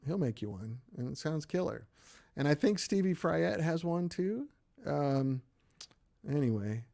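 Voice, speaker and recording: Chatty middle-aged American man, slightly high. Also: expressive, a little slow, gravelly, dark tone. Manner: chatty, loose and self-deprecating. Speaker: livestream host. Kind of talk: casual chat reading viewer comments.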